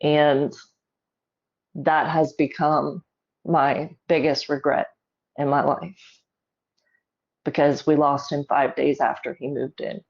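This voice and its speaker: Low-voiced woman recounting a painful story. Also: little pitch movement, muffled recording. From South Carolina, US. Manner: measured, emotional, holding back tears. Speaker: guest. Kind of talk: personal storytelling in an interview.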